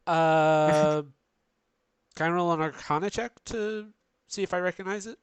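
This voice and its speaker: A man's voice: on the high side, a little slow, a little hiss or hum. A man playing a tabletop game, chatting casually and laughing often, at times with a slight lisp. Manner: laughing often, lisping at moments. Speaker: tabletop player.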